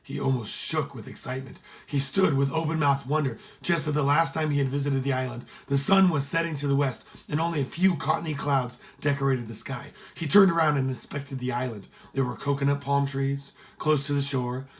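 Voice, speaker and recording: A man reading a children's adventure story aloud. He narrates steadily and with expression. His voice sits at an average pitch. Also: steady tone, moderate pace, hardly any pauses.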